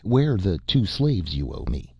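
A man's voice: deep voice, very animated, a little slow, dark tone, husky, no room sound, dull audio, exaggerated voice. A man reading the lines of a brutal barbarian slave master, who speaks in clipped, broken phrases. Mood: gruff. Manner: clipped broken speech, threatening.

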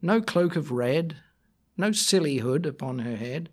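Slow, expressive male storyteller. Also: fairly high pitch, slightly rough. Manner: slow, expressive reading aloud. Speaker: reader. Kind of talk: storybook poem reading.

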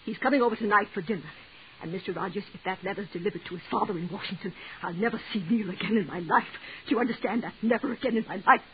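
An actress playing a frantic jealous wife. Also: female voice, medium pitch, rapid-fire, natural voice. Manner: pleading, breathless and overwrought. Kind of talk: 1940s radio acting. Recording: tinny old radio broadcast with hiss.

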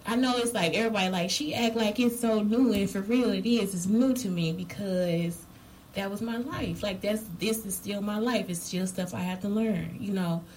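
A woman's voice: mid-range voice, normal speed, a little mellow, low-quality recording. Woman, vlogger, casual storytime rant, blunt, swears a lot, talks right to viewers, faint room hum.

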